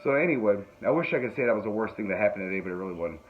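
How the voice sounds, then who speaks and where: Low-voiced and very fast, with lively intonation, the man hosting this podcast tells a comic, meandering story as faint music plays in the background. He laughs often and makes self-mocking asides. His audio is tinny like a phone call, with faint noise.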